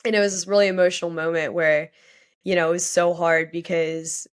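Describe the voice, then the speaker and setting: A woman's voice: on the low side, flat delivery, brisk, smooth. A young woman, a guest on a podcast, telling a personal story candidly and with feeling, often saying "like". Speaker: guest athlete.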